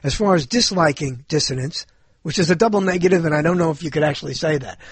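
A man's voice: on the high side, fast talker, breathy edge, no echo. A male show host talking in a casual, rambling monologue, joking and often stumbling and correcting himself.

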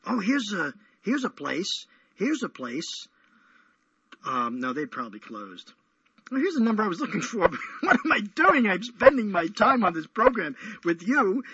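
Rambling, husky-voiced male radio host. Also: fairly high pitch, pushed and bright, no echo. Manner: playful, rambling, teasing. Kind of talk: casual call-in radio chat. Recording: dull lo-fi radio audio.

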